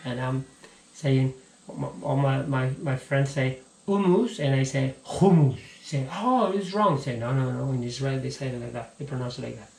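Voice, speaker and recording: A man teaching a casual physics lesson, halting and repeating words as he explains, recorded on an action camera at home. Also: mid-range voice, creaky, a little mellow, slight background noise. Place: home room. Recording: echoey room with faint ambience.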